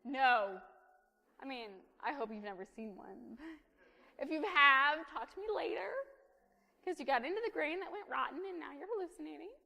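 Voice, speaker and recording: A woman's voice: sits high, expressive, normal speed, vocal fry, pushed and bright. A woman in her thirties giving a sermon in a playful, joking, conversational way from a church sanctuary. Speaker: pastor. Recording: echoey church hall.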